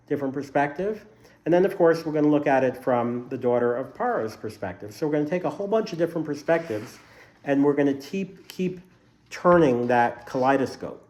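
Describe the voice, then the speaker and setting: A man's voice: a little high, darkish tone. A man teaching a casual Bible study class to a group in a room, explaining the text by asking a string of questions.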